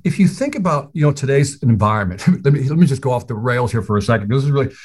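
A man holds forth as a podcast guest. His voice is a bit husky, and his pitch swings widely as he makes his points. He talks in emphatic, opinionated bursts and laughs easily. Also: big pitch swings, fast talker, darkish tone. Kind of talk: casual interview chat.

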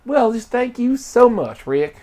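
A man playing a fawning, flattering middle-aged man in an improvised role-play, using a put-on, unplaceable accent. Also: very high-pitched, a little slow, heavily acted. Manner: flattering, gushing.

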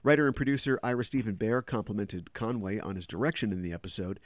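A man's voice: lowish voice, fast talker, no room sound. A man hosting a casual podcast chat, talking at length and explaining background details. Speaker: podcast host.

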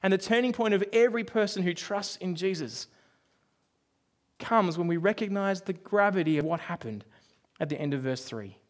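High-voiced man preaching conversationally. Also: lively intonation. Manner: conversational storytelling with asides and quick dips to a hush. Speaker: pastor. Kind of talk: sermon.

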